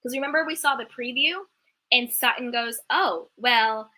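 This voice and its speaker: A woman with a high, very bright voice delivers a heated reality TV recap rant. She is indignant and animated and keeps using "like" as she talks. Her tone is cutting and sharp. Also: normal speed.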